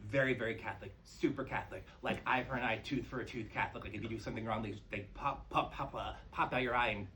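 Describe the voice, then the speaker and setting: A man doing a stand-up comedy set on a club stage, telling campy, profane stories with big swings in pitch and energy. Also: quick pace, sharp tone, a little hiss or hum, poor audio. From New York. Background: audience laughter.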